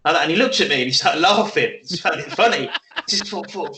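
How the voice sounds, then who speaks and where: A man's voice: a little high, animated, fast talker, sharp tone, reverberant, rough recording. A man, co-hosting a casual podcast chat and telling rowdy stories between laughs, with plenty of swearing. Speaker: podcast co-host.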